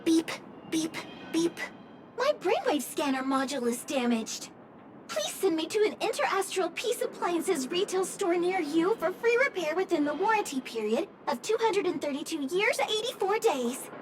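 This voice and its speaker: A woman's voice: very high-pitched, big pitch swings, normal speed, very noisy. A woman voicing a cheeky little robot object finder in a video game, chirping beeps and sassy announcements. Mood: chirpy. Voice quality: says "beep" aloud between lines. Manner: sassy, cheerful, singsong announcements. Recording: game audio with background music.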